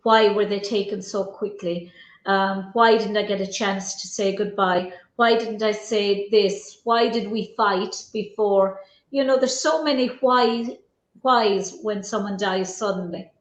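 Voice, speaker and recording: A woman's voice: mid-range voice, fairly even intonation, unhurried. A woman hosting an interview, speaking in a reflective, hesitant way with frequent restarts. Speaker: host. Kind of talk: interview conversation. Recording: roomy echo.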